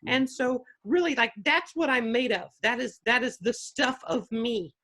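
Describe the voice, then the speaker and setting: A man's voice: very high-pitched, normal speed, pushed and bright, exaggerated voice. A man voicing a bubbly dragon puppet. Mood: cheerful. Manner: bubbly, giggly, storytelling. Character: cheerful male dream dragon puppet, playful and upbeat. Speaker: guest. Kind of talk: puppet character interview.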